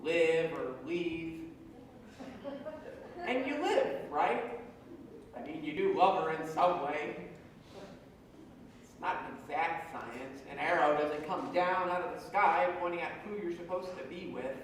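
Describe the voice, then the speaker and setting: An actor playing a wistful, chatty musical fan. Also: male voice, on the high side, measured pace, pauses often, slight background noise, natural voice. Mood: confiding. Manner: confiding, rambling monologue. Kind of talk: stage monologue to the audience. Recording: echoey theatre stage, mic far off.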